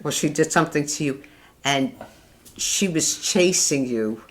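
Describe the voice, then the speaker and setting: An older woman telling family memories in a fond, halting way, with frequent restarts. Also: low voice. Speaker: interviewee, mother. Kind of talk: casual family reminiscing.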